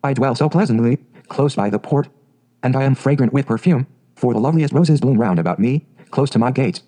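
A man reading the lines of a proud young sailor boy in a storybook, in a dark, even voice. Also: medium pitch, a little fast, lightly acted, low-quality recording. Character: boastful young sailor boy speaking for a town.

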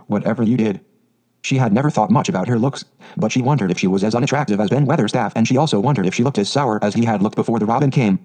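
A man reading a storybook aloud in a steady, even narrating voice. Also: mid-range voice. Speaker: audiobook narrator.

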